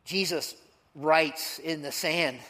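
A man preaching a sermon to a congregation, emphatic, swinging between loud cries and hushed intensity. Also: a little high, steady tone, slow pace. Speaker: pastor.

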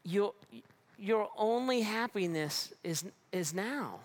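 A pastor preaching a sermon in a conversational way, with humor and frequent restarts. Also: male voice, sits high, animated, slow.

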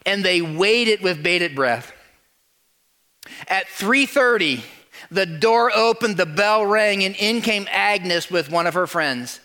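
A man preaching, telling a story, swinging from loud to hushed. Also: sits high, lively intonation, slow. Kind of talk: sermon storytelling.

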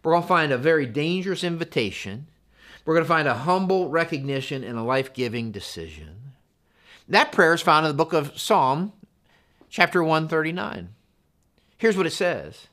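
Pastor, middle-aged man, lively sermon delivery, bright, slightly high voice. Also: normal speed. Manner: animated, conversational preaching with acted asides.

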